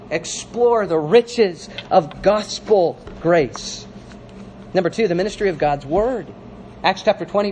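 A man with a high voice preaches a sermon as a pastor. He drops to a hush, then presses words out forcefully and slowly for emphasis. A faint hum of room ambience sits behind him. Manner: emphatic preaching, swinging between hushed and forceful.

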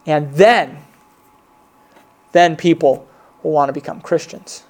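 A man's voice: fairly high pitch, slow pace, a little mellow. A man preaching a sermon in an earnest, conversational way, reading scripture aloud with emphasis. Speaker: pastor.

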